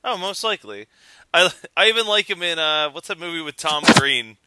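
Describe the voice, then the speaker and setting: A man's voice: a little high, animated, a little fast, sharp tone, clear, resonant tone, no echo. A man hosting a podcast in casual chat, enthusiastic and laughing often. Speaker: podcast host.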